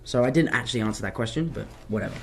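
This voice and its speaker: A man's voice: mid-range voice, racing, creaky, slight background noise. A young man, an actor answering fan questions in a casual live Q&A, telling stories with self-mocking asides. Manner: animated, chatty storytelling, self-mocking asides.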